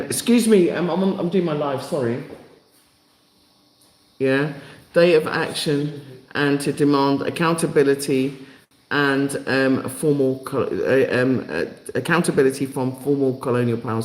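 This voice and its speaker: A man's voice: a little high, reverberant, poor audio. A man hosting a live stream, speaking emotionally and repeating himself as he rallies his viewers from his home in Africa. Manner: emotional, repetitive, rallying.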